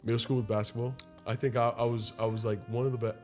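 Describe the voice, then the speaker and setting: Profane animated young man telling a story. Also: mid-range voice, fast, soft background music. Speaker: podcast co-host. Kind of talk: casual chat.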